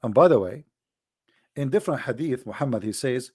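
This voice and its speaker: A man delivering a mocking, sarcastic monologue in non-native English, drawling out quoted passages slowly and deliberately. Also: medium pitch, expressive, breathy edge, no room sound, clean studio sound. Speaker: religion critic commentator.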